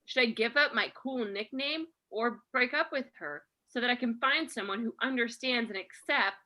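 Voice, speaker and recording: A woman's voice: fairly high pitch, normal speed, bright, forceful tone, poor audio. A woman hosting a comedy podcast, reading out a listener's letter and then ranting sarcastically about it. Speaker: podcast host. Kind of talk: casual comedy podcast chat.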